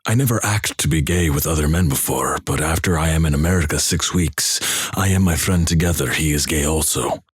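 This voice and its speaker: A man's voice: very deep voice, a little fast, breathy edge, no echo, studio quality. A man voicing a guilt-ridden young male Russian student who speaks broken English in a thick put-on Russian accent, read as a comedy story. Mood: earnest. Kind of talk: comedic reading of a first-person story.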